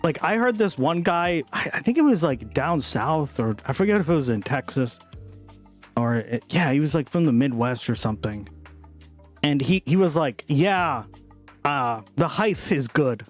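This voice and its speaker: A man's voice: fairly high pitch, animated, normal speed, soft background music. A man hosting a casual livestream, rambling and swearing freely as he comments, often breaking into laughter. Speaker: livestream host.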